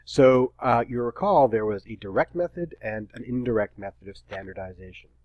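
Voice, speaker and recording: Middle-aged guy prof recording his lecture, brisk and a bit terse, wry, dead dry sound. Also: mid-range voice, animated, no room sound, highs cut off. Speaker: professor.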